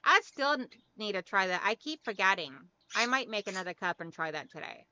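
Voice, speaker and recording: Woman, friendly live stream chat, bright voice, dry slightly muffled sound. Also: medium pitch, very animated, brisk, smooth, no room sound. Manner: reads viewer comments aloud and answers them chattily; friendly, calls viewers girl.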